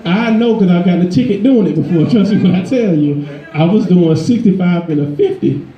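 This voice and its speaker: Guy preaching, talks to the room like a chat then pushes up high, pitch kinda up there, echoey dull church recording. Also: expressive, brisk. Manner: conversational, emphatic, rising in pitch for emphasis. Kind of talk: sermon.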